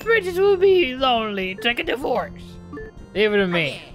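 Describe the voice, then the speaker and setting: A woman voicing a small male mushroom helper who is a whiny crybaby, sobbing and pleading in a high bleat over game music. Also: big pitch swings, normal speed.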